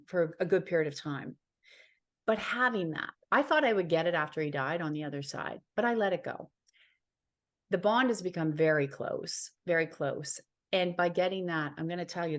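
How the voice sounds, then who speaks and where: Speaking in a low voice, a woman from Ontario, Canada, who works as a healer and psychic, tells an interviewer a heartfelt personal story, sincerely repeating phrases to stress them.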